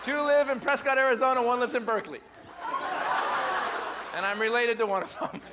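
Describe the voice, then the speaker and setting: A man doing a loud, punchy stand-up set and working the crowd in a live theater recording. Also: very high-pitched, brisk, very noisy. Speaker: stand-up comedian. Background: loud audience laughter and cheering.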